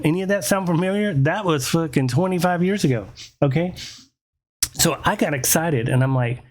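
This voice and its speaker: A man's voice: fairly high pitch, moderate pace. A man, hosting his own show and ranting through a rambling, profane comedic story. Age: 40s. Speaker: host.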